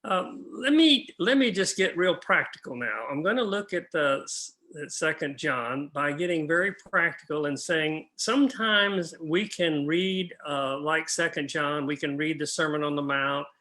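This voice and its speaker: Bright-voiced older man teaching Bible class. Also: on the high side, moderate pace. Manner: earnest, practical, asks the class questions.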